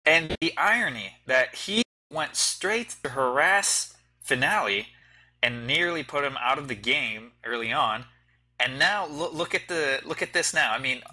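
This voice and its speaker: A man's voice: medium pitch, bright, forceful tone, rough recording. A young man giving casual, teasing commentary on a multiplayer game match over online voice chat, talking in stops and restarts. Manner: chatty, teasing, with many restarts. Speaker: game caster.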